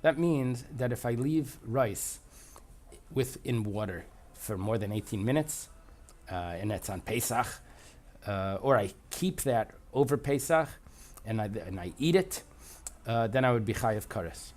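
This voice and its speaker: A man's voice: medium pitch, animated, unhurried, darkish tone. Male Talmud teacher; explanatory, reads a line then translates it. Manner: reads Aramaic aloud then translates, thinking aloud. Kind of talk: explanatory lesson.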